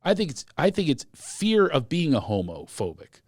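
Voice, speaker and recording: A man's voice: on the high side, wildly swooping pitch, normal speed, no room sound, studio quality. A man hosting a podcast in casual chat, joking and playful. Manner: playful, jokey, slips into impressions. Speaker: podcast host, comedian.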